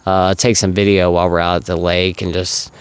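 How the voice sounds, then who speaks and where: Deep, smooth-voiced man rambling earnestly. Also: little pitch movement, fairly quick, no echo. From South Carolina. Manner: rambling, earnest, filler-heavy. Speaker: recovery vlogger. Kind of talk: casual monologue to camera.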